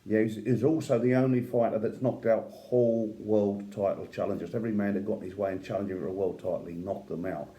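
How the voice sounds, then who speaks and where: A man with a lowish, warm voice talks quickly and evenly, barely pausing, as he recounts boxing history. The boxing commentator's casual storytelling is admiring and opinionated, sprinkled with fillers and asides like "yeah" and "right?"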